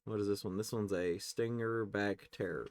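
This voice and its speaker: A man hosting a casual pack-opening video, reading card names aloud and tossing in quick offhand reactions. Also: fairly low pitch, steady tone, no echo. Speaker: card-opening channel host.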